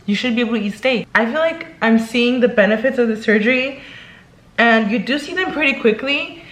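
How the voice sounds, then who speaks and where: A woman's voice: a little high, brisk, a bit bright, reverberant. A young woman vlogging in casual chat, talking chattily and emotionally, filling her talk with "like" and "girl".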